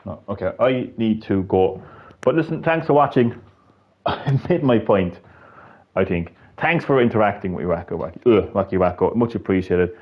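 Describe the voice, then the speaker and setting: A young Irish man chatting on his livestream in a lowish voice, rambling, swearing freely and restarting his sentences. He talks loosely, like a regular host with his viewers. The sound is dull and lo-fi, as if from a cheap mic. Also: expressive, moderate pace. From Ireland. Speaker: gaming channel host. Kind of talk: casual livestream chat.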